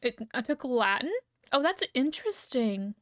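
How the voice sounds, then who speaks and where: Recorded at studio quality with no echo, a young streamer chats loosely in a high-pitched voice at normal speed. Between bites of food she rambles, hums and giggles a lot.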